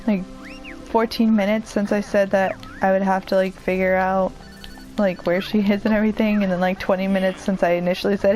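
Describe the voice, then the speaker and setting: Over faint background music, a young woman comments on the video game she plays in a medium-pitched, darkish voice, speaking a little fast with a flat delivery. Her let's play chatter is rambling and self-deprecating, and the recording is rough.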